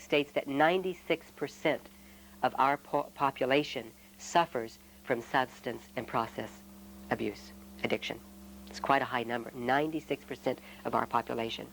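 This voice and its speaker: Male friar, retreat talk, reflective and measured, mid pitch, faint hiss. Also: rough recording. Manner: measured and reflective, with gentle humor.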